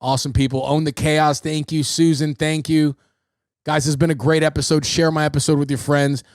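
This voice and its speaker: A young man hosting his own livestream podcast tells stories with animated, casual energy and plenty of swearing; he is from New York City. His voice is a little high and a little fast. The studio-quality sound has no room tone.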